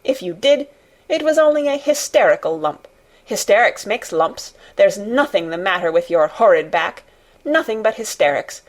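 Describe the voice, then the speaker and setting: A woman's voice: a little high, expressive, measured pace, few pauses, husky. A woman voicing a fierce, scolding little girl in an audiobook reading. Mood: furious. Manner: scolding, commanding. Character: furious bossy little girl, fierce and stamping.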